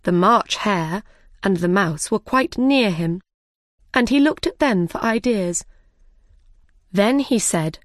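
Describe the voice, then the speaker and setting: A woman narrating a children's storybook in a careful, measured reading style. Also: medium pitch, no echo, studio quality. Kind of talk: slow, clear storybook reading.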